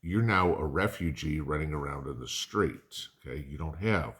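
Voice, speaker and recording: Very deep-voiced middle-aged man. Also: animated, normal speed, a bit bright. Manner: conversational, rambling, folksy asides. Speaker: prepping channel host. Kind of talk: casual talk to camera.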